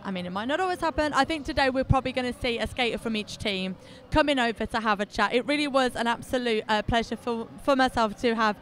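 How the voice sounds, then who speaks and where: A woman's voice: fairly high pitch, fast, fairly bright tone, a little hiss or hum. A woman commenting live on a roller derby game, chatty, giggly and self-mocking. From England.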